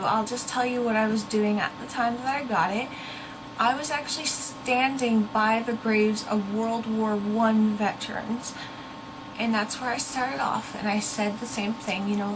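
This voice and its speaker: With a slightly high voice and noise in the background, the young woman speaks casually to camera as a ghost-hunting vlogger, sincere and chatty, now and then groping for a word.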